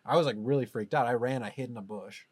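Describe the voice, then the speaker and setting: A man co-hosting a podcast, casually telling a story, animated, laughing often and dropping to a hush for suspense. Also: medium pitch, fast, slightly rough, no echo. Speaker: podcast co-host.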